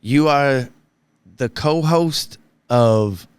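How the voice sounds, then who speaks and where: A man with a light Boston-area accent hosting a podcast, teasing his guest with quick follow-up questions. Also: mid-range voice, smooth, no room sound. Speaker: podcast host. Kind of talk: casual podcast interview.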